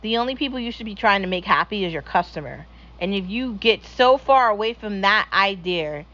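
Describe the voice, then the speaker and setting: A woman's voice: medium pitch, a bit bright, highs cut off. A young woman hosting her own show, ranting bluntly and profanely in a casual opinion monologue. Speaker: podcast host.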